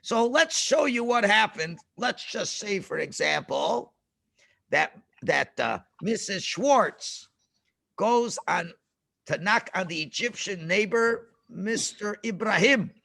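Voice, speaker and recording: A rabbi telling a lesson story to children over a video call, dramatic and full of questions to the kids. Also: male voice, high-pitched, lively intonation, slow, vocal fry, bright, forceful tone, no echo, studio quality.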